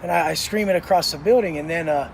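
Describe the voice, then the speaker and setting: A man's voice: fairly high pitch, fast talker, gravelly, slight background noise. A man telling prison stories in an intense, blunt monologue, swearing heavily. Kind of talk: profane storytelling monologue.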